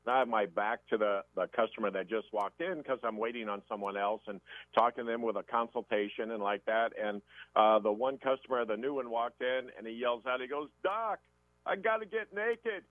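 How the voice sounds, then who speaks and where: A man's voice: on the low side, steady tone, brisk, no room sound. A man co-hosting a radio show, telling a folksy story and repeating "like that". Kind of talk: anecdotal radio chat. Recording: tinny phone line.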